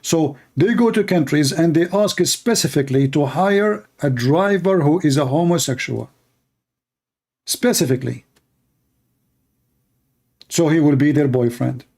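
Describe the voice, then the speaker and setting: A man's voice: fairly high pitch, unhurried, long pauses, darkish tone. A man hosting a polemical talk who speaks in sarcastic, mocking, non-standard English. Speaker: host.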